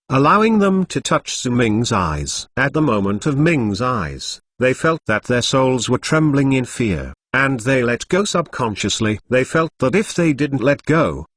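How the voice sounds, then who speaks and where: Man, novel narration, stilted delivery, animated pitch, dry sound. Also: dry recording. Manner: reads punctuation aloud, stilted phrasing.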